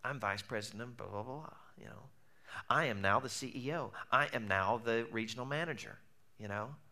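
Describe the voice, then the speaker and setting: Bright-voiced male preacher telling a story. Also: mid-range voice, normal speed. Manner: storytelling, animated, shifts between loud and hushed. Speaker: pastor. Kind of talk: sermon with personal story.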